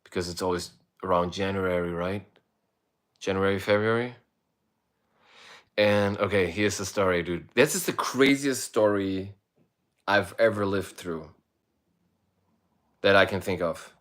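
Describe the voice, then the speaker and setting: A low-voiced middle-aged man hosts a relaxed livestream, drifting through a rambling story and swearing freely as he goes. His delivery is loose and unhurried, like easy chat with viewers. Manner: laid-back, rambling, swears freely, reads out viewer comments. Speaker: musician hosting a livestream. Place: indoors, streaming while away on travel.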